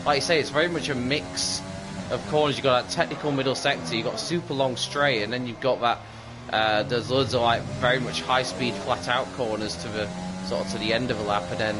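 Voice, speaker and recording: A man's voice: medium pitch, brisk. A man commentating a sim racing qualifying session with chatty, upbeat play-by-play and frequent fillers. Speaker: lead commentator. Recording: music bed underneath.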